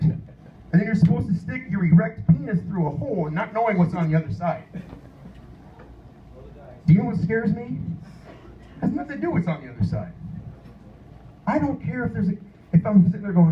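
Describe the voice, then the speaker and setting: Middle-aged man, stand-up comedian, crude and self-mocking, lively swooping voice, echoey bar room, distant mic. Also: sits high, fairly quick, long pauses, highs cut off. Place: bar or club stage.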